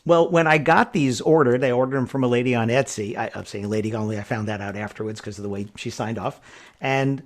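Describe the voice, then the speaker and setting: A man's voice: mid-range voice, fairly quick. A man hosting a podcast, telling stories in a chatty way and often checking in with "right?". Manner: chatty storyteller who keeps checking in with "right?". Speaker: podcast host. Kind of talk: conversational podcast storytelling.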